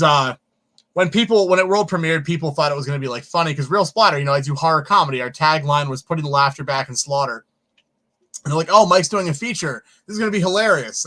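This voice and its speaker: A man who is a filmmaker guest, telling stories in an interview in an animated way and swearing casually. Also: fairly high pitch. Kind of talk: storytelling in an interview.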